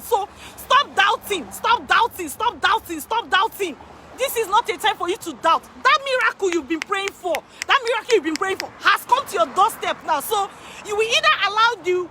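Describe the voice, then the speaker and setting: A woman working as an immigration consultant, talking excitedly to her viewers, repeating phrases for emphasis and laughing often. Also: very high-pitched, brisk, background noise. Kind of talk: excited direct-to-camera talk. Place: in Canada.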